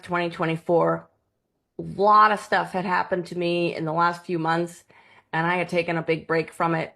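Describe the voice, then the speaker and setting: A woman telling a personal experience in a vlog, animated and lively, acting out the voices of people she quotes. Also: fairly low pitch. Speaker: vlogger.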